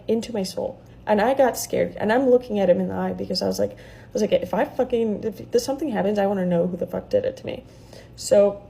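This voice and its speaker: A woman's voice: medium pitch, gravelly, warm tone. A woman retelling a frightening experience in a casual storytime vlog, heated and full of swearing.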